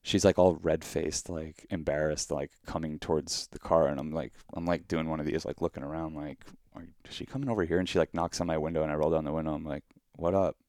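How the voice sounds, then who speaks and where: Podcast co-host, man, deep gravelly voice, rambling anecdote, dry close mic. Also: flat delivery, brisk, a little mellow, no echo. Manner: rambling, heavy use of "like"; profane, mock-outraged quotes. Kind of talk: casual storytelling.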